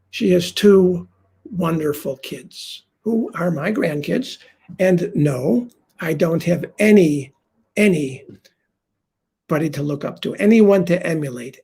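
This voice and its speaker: An older man telling a heartfelt first-person story on stage, confiding and dropping to a hush for quoted lines. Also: fairly high pitch, gravelly, breathy edge.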